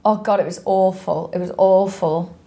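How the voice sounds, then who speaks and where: Sardonic woman podcast co-host, sweary, blunt, mid-pitched. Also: steady tone, normal speed, gravelly, dark tone. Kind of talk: casual comedic chat.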